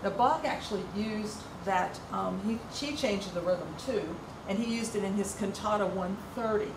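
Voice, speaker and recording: A woman's voice: mid-range voice, moderate pace. Woman, music teacher, patient explaining, roomy echo, distant mic, background noise. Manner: explaining patiently with fillers and restarts. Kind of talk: informal music lesson.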